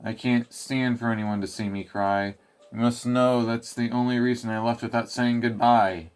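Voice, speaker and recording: A man's voice: mid-range voice, flat delivery, normal speed, a little hiss or hum, natural voice. A man doing a tearful departing villager. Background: game music.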